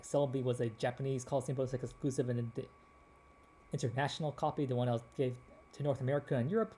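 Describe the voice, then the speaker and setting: Dark-voiced man rambling about games. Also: medium pitch. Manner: rambling, with frequent restarts and fillers. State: slightly hoarse. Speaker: gaming channel host. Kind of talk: casual gameplay rambling.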